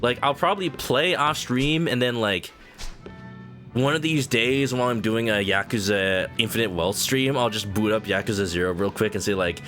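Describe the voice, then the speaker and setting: A man's voice: on the low side, moderate pace, fairly bright tone, faint music behind. A man chatting casually with viewers while playing a game on stream, rambling with lots of "like" fillers.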